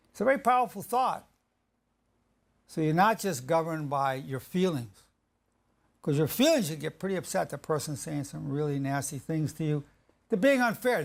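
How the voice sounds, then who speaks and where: A man's voice: on the high side, gravelly. A man giving relationship advice in a casual spoken talk, often acting out what partners say to each other, with frequent restarts. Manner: conversational, acts out quoted couples, frequent restarts.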